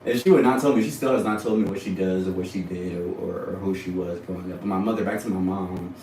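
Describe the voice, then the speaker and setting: A young man tells a story on a casual livestream in an animated, rambling, foul-mouthed way. His voice sits on the low side. He sounds distant from the mic in a roomy space with a faint hiss behind him. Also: fast. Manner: animated, rambling, profane, often laughs. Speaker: livestream host.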